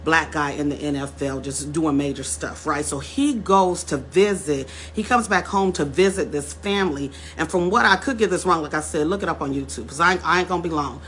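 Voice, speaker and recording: In a casual vlog, a woman with a low, somewhat bright voice talks a little fast and barely pauses, against slight background noise. She addresses viewers as y'all while storytelling directly to camera, repeating words and building toward emphatic moments.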